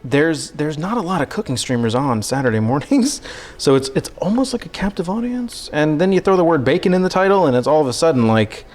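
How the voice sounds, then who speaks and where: Joking streamer cooking live. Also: male voice, a little high, expressive, fairly quick, darkish tone. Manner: joking, rambling, self-deprecating banter with chat. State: out of breath from sawing. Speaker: cooking livestream host. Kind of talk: casual live-stream chat while cooking. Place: home kitchen.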